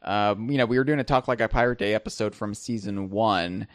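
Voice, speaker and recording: A man's voice: on the low side, fairly quick, no echo. A man hosting a casual podcast, joking and rambling with plenty of fillers. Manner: jokey, rambling, filler-heavy. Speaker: podcast host.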